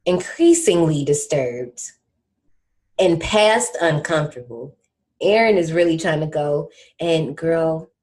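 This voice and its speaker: Woman podcast co-host, slightly low voice, animated slangy storyteller. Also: slow pace. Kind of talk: casual chat.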